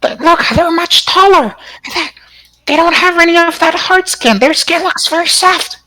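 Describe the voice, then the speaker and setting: A man voicing small excitable chattering monkeys in a tabletop game, with frantic, squealing lines. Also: extremely high pitch, moderate pace, pitched above the performer's own voice, exaggerated voice, poor audio. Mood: excited.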